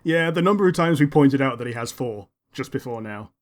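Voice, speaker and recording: A man's voice: medium pitch, expressive, brisk. Laid-back man explaining show details. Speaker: podcast co-host. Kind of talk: casual reaction chat.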